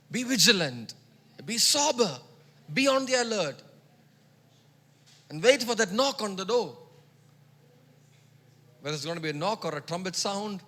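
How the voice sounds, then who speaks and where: A male pastor preaching a sermon emphatically, repeating phrases, urging the congregation to echo words, and moving between loud exhortation and quiet teaching. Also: high voice. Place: church hall. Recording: long hall reverb.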